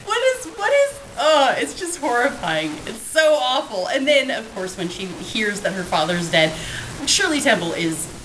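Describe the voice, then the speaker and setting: A woman around forty co-hosting a film podcast, ranting in an animated way and laughing often. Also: a little high, normal speed, roomy sound, noisy background. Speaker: podcast co-host. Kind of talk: casual film-review chat.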